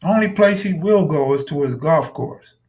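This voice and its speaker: A man with a fairly high, expressive, slightly mellow voice speaks at normal speed during casual live stream commentary. He's blunt and profane and talks back to chat viewers.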